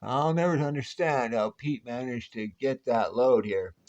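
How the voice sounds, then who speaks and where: A man's voice: mid-range voice, a little slow, a little mellow, lightly acted. Man putting on a blunt greedy crook, tough-guy grumble, dull lo-fi sound. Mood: grumbling.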